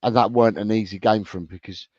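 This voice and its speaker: A man's voice: fairly low pitch, fairly even intonation, fast talker, darkish tone, dry recording. A man co-hosting a casual football podcast, talking emphatically and repeating his phrases. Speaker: podcast co-host. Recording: dry, dull lo-fi audio.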